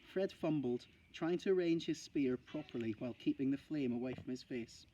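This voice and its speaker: A male primary school teacher reading a children's novel aloud in a steady, expressive way. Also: medium pitch, moderate pace, muffled recording, slight background noise.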